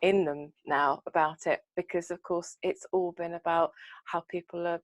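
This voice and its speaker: A middle-aged woman co-hosting a podcast, speaking in an earnest, thoughtful, soft-spoken way. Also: on the low side, steady tone, normal speed, no room sound. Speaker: podcast co-host. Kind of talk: casual chat.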